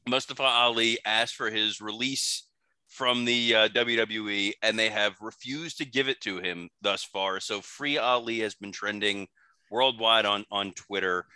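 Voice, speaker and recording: A man co-hosting a podcast, recapping news in a measured, earnest way with profane asides. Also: on the low side, fairly even intonation, pushed and bright, smooth, dry recording. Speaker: podcast co-host. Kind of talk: casual chat, news recap.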